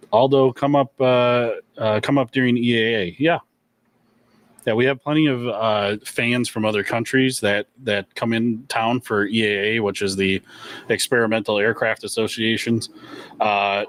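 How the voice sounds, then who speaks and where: A man's voice: on the low side, steady tone, measured pace, dry recording. A man hosting a gun shop livestream, reading viewer questions in a laid-back, chuckling way with lots of fillers.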